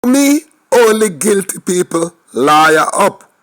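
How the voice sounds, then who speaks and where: A man with a Jamaican accent offers opinionated crime commentary, speaking directly to viewers and firing off rhetorical questions. His high-pitched, fairly bright voice is very animated and emphatic, though slow.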